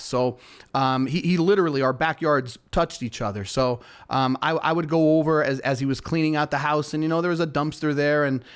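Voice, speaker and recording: A man's voice: mid-range voice, smooth. A man who hosts a real estate show, casually telling a personal story in a rambling, self-deprecating way, with lots of restarts. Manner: rambling, with frequent restarts and fillers. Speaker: real estate broker, podcast host.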